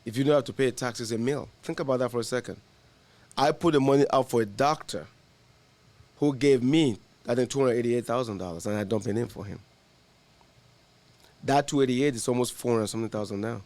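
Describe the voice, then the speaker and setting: An animated man swaps stories on a podcast, talking casually about insurance with an easy, mid-range voice. He laughs his way through the punchlines. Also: mid-range voice, a little fast, pauses often. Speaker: guest, insurance agent.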